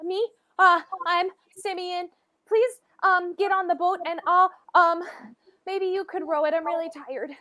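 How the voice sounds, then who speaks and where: Woman playing a panicked, worn-out boy of eleven, pitched well above her own voice, begging in broken bursts. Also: steady tone, pushed and bright, heavily acted. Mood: urgent, tired. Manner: pleading, breathless, halting. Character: frightened exhausted young boy, about eleven.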